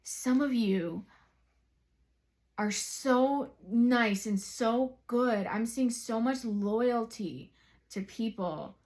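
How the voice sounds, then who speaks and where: A woman giving a psychic tarot reading to viewers, chatty and excitable, drifting into rambling asides and speaking straight to her audience. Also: a little high, drawn-out words. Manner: addresses viewers directly. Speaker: psychic reader.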